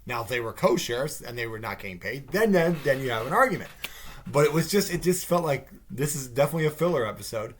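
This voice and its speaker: A man's voice: mid-range voice, very animated, quick pace, slight background noise. A man hosting a podcast, ranting casually in a rambling way, swearing and mimicking people mockingly. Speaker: podcast host. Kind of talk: casual rant.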